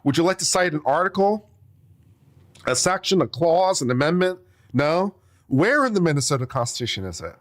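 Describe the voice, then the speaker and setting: A man's voice: fairly high pitch, sing-song, normal speed. A man, an attorney, reading out a legal brief and picking it apart with sarcastic, exasperated asides, coughing now and then. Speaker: attorney commentator.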